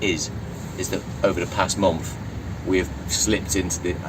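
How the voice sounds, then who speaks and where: A sweary Lancashire man who rambles through his stories in a lowish voice. He sits back from the mic, and there is a steady wash of street and traffic noise behind him. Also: normal speed. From Blackpool, England. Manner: swears freely, rambling storyteller. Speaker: interview guest, yacht crew. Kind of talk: casual chat. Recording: distant mic with urban background noise.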